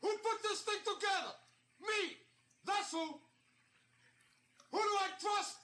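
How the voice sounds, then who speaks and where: An actor playing furious film tough guys, screaming with raspy, drawn-out yells, in a film scene. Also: male voice, very high voice, full character voice. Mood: raging. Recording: roomy noisy film clip playback.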